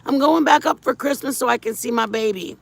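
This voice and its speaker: A woman's voice: on the high side, a little fast, vocal fry, dry recording. A middle-aged woman hosting a casual livestream, rambling through a story and greeting viewers by name. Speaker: livestream host.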